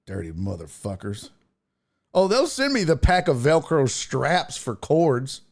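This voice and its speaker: Lively profane man ranting on stream. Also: mid-range voice, measured pace. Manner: slips into mocking voices for quotes. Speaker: show host. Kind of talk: casual live-stream rant.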